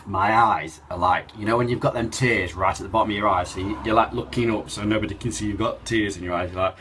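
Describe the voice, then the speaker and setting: A man telling a personal story in a halting, emotional way, with many fillers and restarts. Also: lowish voice, fairly even intonation, a bit bright, slight background noise. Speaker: cancer survivor telling his story.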